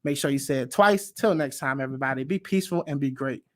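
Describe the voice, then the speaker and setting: A man hosting a reaction video in a casual commentary style. He is animated and emphatic, repeats phrases for stress, and calls for amens like a preacher. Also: medium pitch, fast, slight background noise. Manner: animated, preacher-like call and response.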